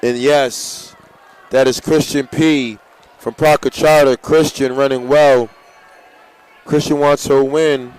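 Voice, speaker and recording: A man's voice: mid-range voice, takes it slowly, clean tone. A man announcing a live track meet, hyping runners, reading out heats and giving coaching tips. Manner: excitable, hypes runners and gives coaching tips. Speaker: race announcer.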